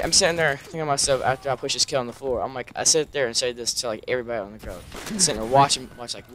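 In a mid-range voice against a noisy background of game gunfire, a young man rambles casually through gameplay commentary for his YouTube channel. The delivery is subdued, heavy on swearing and fillers.

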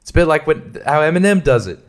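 A man's voice: fairly high pitch, big pitch swings, fast. A man hosting a casual solo podcast, rambling and swearing freely, often breaking into laughter. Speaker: podcast host.

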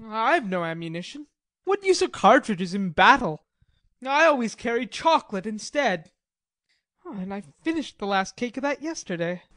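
A woman's voice: on the high side, big pitch swings, normal speed, fairly bright tone, no room sound. A woman reading the part of a weary, hungry male Swiss mercenary soldier in an audiobook drama, nervy, wry and polite.

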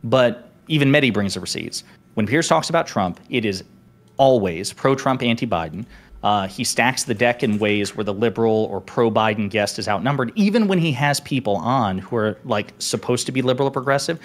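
A man's voice: medium pitch, lively intonation, brisk. A man talking as a commentator guest in casual debate chat. He is emphatic and builds his case point by point.

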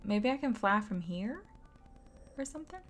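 A woman's voice: medium pitch, lively intonation, normal speed, faint music behind. A woman casually talking to herself and swearing as she plays a game on a live stream. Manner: chatty, swearing, talks to herself. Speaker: streamer playing a video game.

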